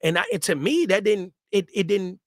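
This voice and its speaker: A man with a high-pitched voice tells a story from his own life in relaxed street slang. He circles back and repeats lines for emphasis. The sound is dry and close, with no room echo. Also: moderate pace. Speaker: host telling his story. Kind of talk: casual storytelling.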